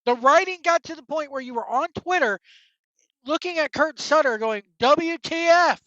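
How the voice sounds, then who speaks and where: A woman's voice: sits high, animated, moderate pace, bright, forceful tone, dry recording. A woman hosting a wrestling talk show, delivering a blunt, profane, exasperated solo rant. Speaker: wrestling commentary host. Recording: dull, dry lo-fi sound.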